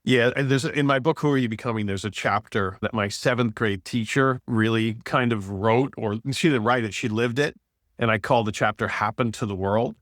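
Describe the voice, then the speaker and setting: A man talking as a podcast guest, telling a lively story and acting out the people in it. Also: mid-range voice, moderate pace, no room sound, studio quality. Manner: animated storyteller, acts out quoted voices. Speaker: podcast guest, author and speaker. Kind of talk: casual storytelling conversation.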